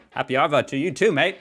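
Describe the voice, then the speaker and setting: A man's voice: a little high, fairly bright tone, breathy edge, pitched above the performer's own voice, full character voice. A man putting on a playful mock Australian accent, leaning hard on slang. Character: American man faking a cheerful Australian bloke.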